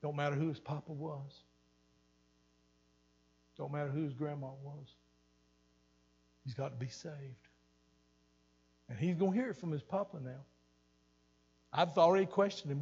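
A man's voice: a little high, steady tone, moderate pace, pauses often, darkish tone, breathy edge, lo-fi sound. An older man pastor preaching an earnest sermon, repeating phrases for emphasis, recorded in a church hall. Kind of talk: sermon teaching. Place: church sanctuary.

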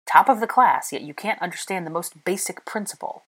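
A woman with a low, breathy voice reading the lines of a sneering, short-tempered teenage boy wizard, snappish and scornful, in an audiobook. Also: expressive, moderate pace. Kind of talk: audiobook fan fiction reading.

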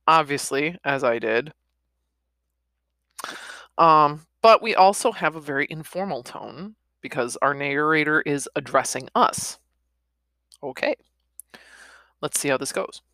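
A woman's voice: low voice, sharp tone, no room sound. A woman reading a novel aloud and stopping for chatty, laughing comments. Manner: chatty, laughs between passages. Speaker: reader.

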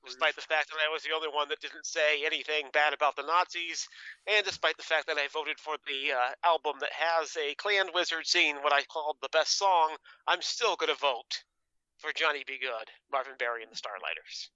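A man from Texas speaks with dry, wry humor on a podcast panel. His somewhat high voice is bright and smooth, heard over a dry, slightly dull line. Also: a little fast, no room sound. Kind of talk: casual podcast chat.

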